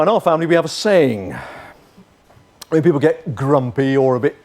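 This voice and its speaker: A man preaching a sermon as pastor, earnest, moving between forceful lines and hushed ones. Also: mid-range voice.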